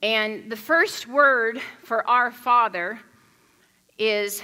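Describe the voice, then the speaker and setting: A woman from the United States giving a conversational sermon, animated and chatty, telling stories with frequent restarts. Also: a little high, drawn-out words, clean tone. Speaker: pastor.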